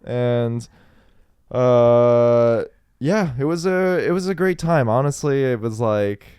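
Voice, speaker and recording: A man's voice: medium pitch, expressive, takes it slowly, a little mellow, clean tone, dry recording, clean studio sound. A man from El Paso, Texas co-hosting a podcast in loose, joking casual chat, laughing often. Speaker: podcast co-host.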